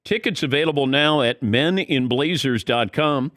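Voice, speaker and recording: A man hosting a talk radio show, introducing and interviewing a guest in a relaxed way. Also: medium pitch, moderate pace, no echo, clean studio sound.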